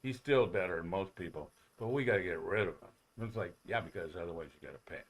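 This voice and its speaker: Low-voiced man telling baseball stories. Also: fast talker. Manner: rambling, animated anecdotes with many restarts. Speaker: former ballplayer guest. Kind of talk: casual storytelling on sports talk radio.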